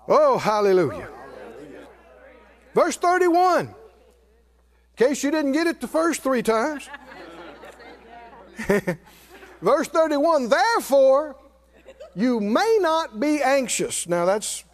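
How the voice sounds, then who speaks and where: An older male pastor preaching to his congregation. His voice sits high and swings widely in pitch. He rises to loud exclamations, then sinks to low, quiet asides. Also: very animated, takes it slowly, pauses often. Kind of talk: sermon.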